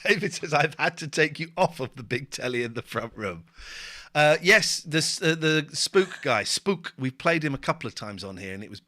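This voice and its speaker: A man's voice: a little high, expressive, moderate pace, sharp tone. A man hosting a live stream, chatting bluntly and swearing freely as he reacts to a video. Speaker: streamer and host. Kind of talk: casual live-stream commentary.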